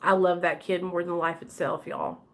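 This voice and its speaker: A woman's voice: lowish voice, little pitch movement, moderate pace, fairly bright tone. A woman with a drawl talks candidly to her live-stream audience. She is chatty and direct and greets commenters by name as she goes. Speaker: vlogger talking to live chat. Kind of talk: casual live-stream chat.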